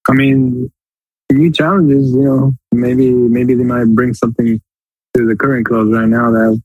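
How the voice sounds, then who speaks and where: A man's voice: medium pitch, flat delivery, measured pace, dry recording, narrow, tinny audio. A man co-hosting a casual soccer podcast, talking in a loose, rambling way and laughing easily. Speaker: podcast co-host.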